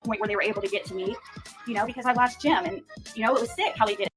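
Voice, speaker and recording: A woman's voice: a little high, racing, over music. A woman talking casually in a played livestream clip, rambling and filling gaps with "you know".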